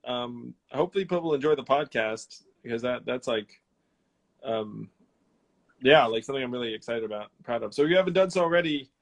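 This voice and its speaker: A man hosting a casual live question-and-answer stream from his home, rambling and relaxed, with lots of fillers and restarts. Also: medium pitch, brisk, creaky. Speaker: host of an Instagram live Q&A.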